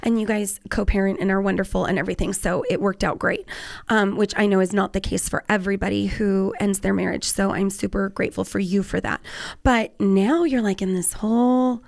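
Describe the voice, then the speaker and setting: Gravelly-voiced chatty woman podcast host. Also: medium pitch, fairly even intonation, brisk, a little mellow. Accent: Californian. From Southern California. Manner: chatty, laughing, swears casually. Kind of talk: casual chat.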